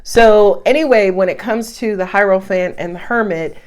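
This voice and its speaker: Chatty woman doing a tarot reading, laughs a lot, swears here and there, mid pitch. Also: moderate pace. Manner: animated, laughs often, swears casually. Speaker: tarot reader. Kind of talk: casual spoken tarot reading.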